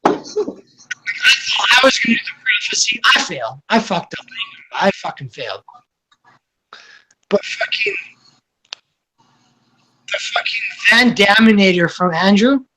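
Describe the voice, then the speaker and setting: A man's voice: high voice, sing-song, a little slow, pauses often, very noisy. A man telling a long, rambling, profane story to friends, laughing as he goes. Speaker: podcast host. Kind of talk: casual storytelling among friends.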